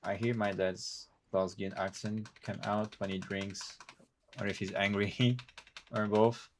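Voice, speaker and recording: A low-voiced man whose first language is Portuguese, chatting casually while he streams a game. He talks in a halting way and thinks out loud as he plays. Faint keyboard clicks sit behind his voice. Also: level tone, slight background noise. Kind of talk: casual gameplay stream chat.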